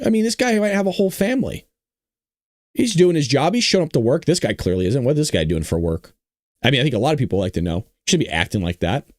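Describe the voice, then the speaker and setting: Animated indignant male commentary host. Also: on the high side, no echo, studio quality. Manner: indignant and blunt, addresses viewers directly. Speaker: show host. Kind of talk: political commentary reacting to news.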